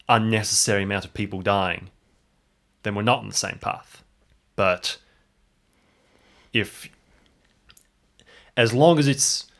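A man plays an earnest new park ranger laying down his terms. The voice is lowish and bright, slow and firm. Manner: firm, deliberate.

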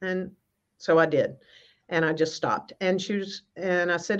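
A woman guest minister telling a personal spiritual story on a video call, in an earnest, halting way with many restarts. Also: lowish voice, steady tone. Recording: slightly muffled.

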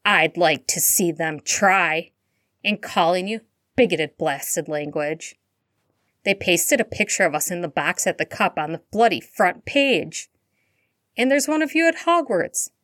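A woman reading a story aloud and voicing a hot-tempered grown man who shouts in outrage to protect his godson. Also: fairly low pitch, lively intonation, unhurried, no room sound, clean studio sound. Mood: outraged. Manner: shouting in outrage, loud and heated.

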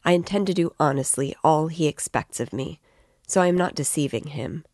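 A woman's voice: deep voice, fairly quick, a little mellow, no echo. A woman reading the part of a proud, composed young woman who speaks firmly and dryly. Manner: firm and dry.

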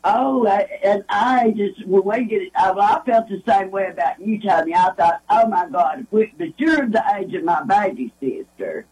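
Husky folksy woman. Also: medium pitch, expressive, normal speed, few pauses, darkish tone, low-quality recording. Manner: rambling, folksy, lots of restarts. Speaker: guest. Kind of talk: casual storytelling.

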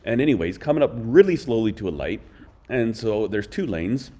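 Man, low-pitched, mellow dark tone, blunt rambling storyteller, casual chat. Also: sing-song, moderate pace. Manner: rambling, blunt, opinionated, fond of mocking impressions.

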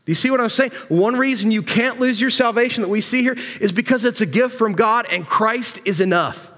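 Virginia preacher guy, fairly high voice, folksy jokey sermon, big echoey church hall. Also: fairly quick, sharp tone. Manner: folksy storytelling with humor. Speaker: pastor.

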